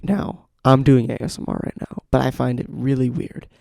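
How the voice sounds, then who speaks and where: A man's voice: mid-range voice, flat delivery, moderate pace, gravelly, warm tone, no room sound, clean studio sound. A young man hosting a casual solo podcast, rambling through tangents and poking fun at himself. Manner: rambling and self-mocking, with tangents. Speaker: podcast host. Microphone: studio microphone.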